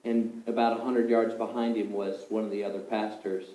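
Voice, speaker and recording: A man's voice: lowish voice, flat delivery, moderate pace, noisy background. A man recounting a mission trip story to a group, reflective and wry. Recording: roomy echo.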